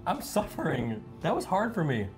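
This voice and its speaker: A man's voice: on the high side, huge pitch swings, normal speed, music in the background. Nervous joking American man. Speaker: streamer on a dinner date. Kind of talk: casual chat.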